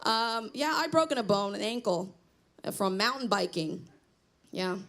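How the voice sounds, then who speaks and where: A woman's voice: mid-range voice, animated, unhurried, fairly bright tone. A middle-aged woman doing a self-deprecating stand-up comedy set on a small theater stage, chatting with the crowd. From Cambodian heritage.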